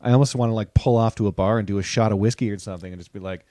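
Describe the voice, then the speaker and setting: A man's voice: lowish voice, rapid-fire, no echo, studio quality. A man co-hosting a podcast in casual chat, telling stories animatedly and acting out reactions. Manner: animated storyteller, acts out reactions. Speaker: podcast co-host.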